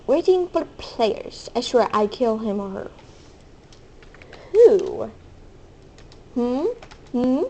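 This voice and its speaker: A woman giving excitable, hyper commentary over her own gameplay, squealing and playful. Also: fairly high pitch, takes it slowly, long pauses, a little hiss or hum. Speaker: gaming video host.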